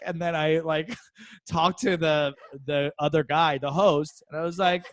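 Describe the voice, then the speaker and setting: A man's voice: fairly high pitch, moderate pace, no room sound. A young man co-hosting a comedy podcast, telling a story in casual chat, laughing often and acting out quotes in exaggerated voices.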